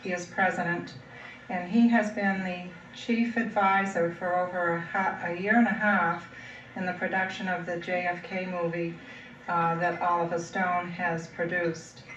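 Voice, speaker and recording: A woman introduces a guest speaker in a halting, hesitant way, her low voice staying flat and even. She sounds distant, caught in a reverberant hall. A faint hiss runs under the old recording. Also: lo-fi sound. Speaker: event organizer introducing speaker. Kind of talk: formal introduction. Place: lecture hall. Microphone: room microphone at a distance. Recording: roomy old video recording from far off.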